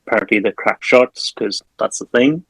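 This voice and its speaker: A man's voice: on the low side, moderate pace, gravelly, a bit bright, breathy edge, dry recording, low-quality recording. A man casually recapping a film plot on a podcast, rambling with plenty of fillers and restarts. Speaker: podcast host.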